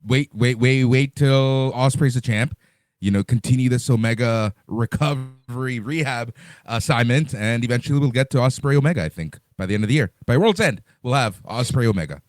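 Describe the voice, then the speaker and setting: A man's voice: medium pitch, normal speed, dry recording, clean studio sound. A man co-hosting a casual podcast chat, mostly chiming in with brief agreeing remarks. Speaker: podcast co-host.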